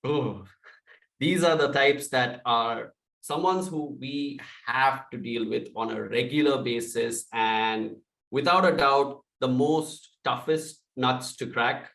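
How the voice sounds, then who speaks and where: A man coaching salespeople, speaking loudly and with energy and acting out sample calls. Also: mid-range voice, slow pace, vocal fry, reverberant, recorded from a distance, poor audio. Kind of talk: sales training talk.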